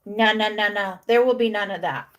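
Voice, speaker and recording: A woman's voice: mid-range voice, moderate pace, dull audio. A woman giving a casual tarot reading. She repeats herself for emphasis, drops Spanish slang words into her English, and acts out imagined lines for the figures on the cards. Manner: repetitive, emphatic. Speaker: tarot reader.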